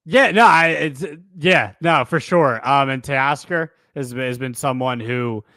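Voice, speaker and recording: A man's voice: mid-range voice, a little slow, sharp tone, dry recording, studio quality. Rambling male sports podcast co-host. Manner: rambling, frequent fillers and restarts. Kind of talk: casual sports chat.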